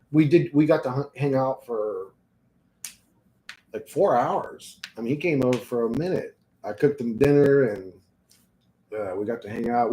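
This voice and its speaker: A man's voice: mid-range voice, darkish tone. Tired rambling man in an echoey room. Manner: tired, rambling, swears freely, laughs often. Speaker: vlogger. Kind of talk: casual rambling monologue.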